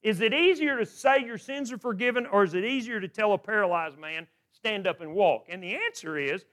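A man's voice: sits high, a little fast, fairly bright tone. A middle-aged man preaching a sermon, asking questions of his listeners and often repeating words as he restarts.

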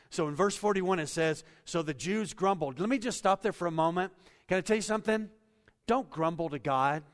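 Male pastor, lively sermon delivery, raised pitch, reverberant hall. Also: brisk. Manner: animated preaching with acted-out quotes, shifting loud and soft.

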